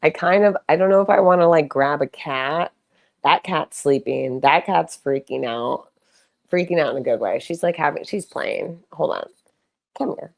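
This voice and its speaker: A woman's voice: low voice, moderate pace, vocal fry. A young woman live-streaming from home, chatting casually and playfully, often slipping into baby talk for her cats.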